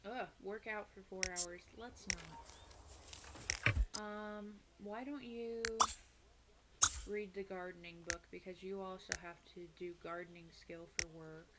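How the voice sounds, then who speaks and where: A woman's voice: mid-range voice, fairly even intonation, measured pace. A woman casually commenting while playing a life-simulation game, rambling and correcting herself as she talks between bites. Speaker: gaming streamer. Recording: loud background noise from game and music.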